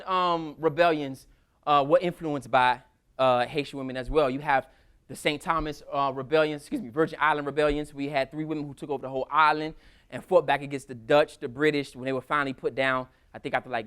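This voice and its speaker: A man giving a casual history lecture at a school, telling stories in a lively, colloquial way. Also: a little high. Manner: animated, colloquial storytelling. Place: school hall with audience.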